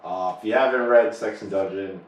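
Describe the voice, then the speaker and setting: A man co-hosting a podcast in casual chat, talking haltingly with many pauses and restarts. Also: on the low side. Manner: halting, many fillers and restarts, laughs often. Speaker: podcast co-host. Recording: echoey room, far from the mic.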